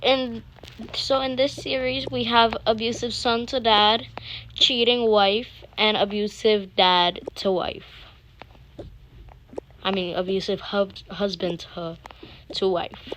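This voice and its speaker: A woman's voice: mid-range voice, level tone, slow, a bit bright, a little hiss or hum. A woman hosting her own channel, narrating a toy doll-play story in a chatty, rambling way with frequent restarts.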